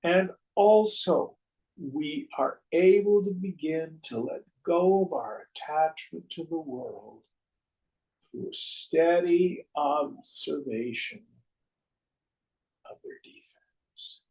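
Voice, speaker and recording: A man giving a slow, measured spiritual talk on scripture, his voice trailing off softly at the ends of phrases. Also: fairly high pitch, poor audio. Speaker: spiritual teacher.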